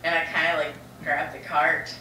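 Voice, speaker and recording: Young woman, candid profane storyteller, bright voice, echoey distant room, faint background ambience. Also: deep voice, little pitch movement, normal speed, slight background noise. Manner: frank, profane, rambling with many "like" fillers. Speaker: open-mic storyteller. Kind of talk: confessional stand-up storytelling. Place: stage in a roomy venue with a live audience.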